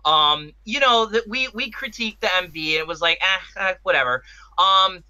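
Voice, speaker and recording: Man, high and very bright voice, podcast co-host, animated rambler who jokes and drifts off topic. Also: normal speed, smooth, poor audio. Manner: animated, rambling, joking, goes off on tangents. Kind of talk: casual chat.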